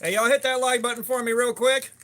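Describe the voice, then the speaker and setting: A man's voice: extremely high pitch, level tone, fast talker, fairly bright tone. A man hosting a laid-back live stream, greeting chat viewers by name. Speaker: livestream host.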